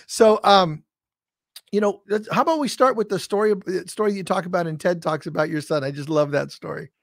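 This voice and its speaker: A man's voice: sits high, brisk, vocal fry, no echo, clean studio sound. Enthusiastic man hosting an interview. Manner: enthusiastic, with many fillers and restarts. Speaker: podcast host. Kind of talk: casual interview chat.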